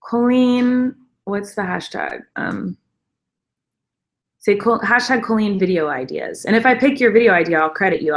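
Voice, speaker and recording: A woman's voice: on the low side, vocal fry. A woman hosting a casual live stream, talking at length in an enthusiastic, rambling way with many fillers.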